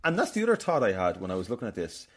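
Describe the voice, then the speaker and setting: A man's voice: lowish voice, huge pitch swings, racing. An Irish man hosting a casual film podcast, rambling and telling stories with lots of restarts. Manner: chatty, rambling, storytelling with many restarts. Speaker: podcast host.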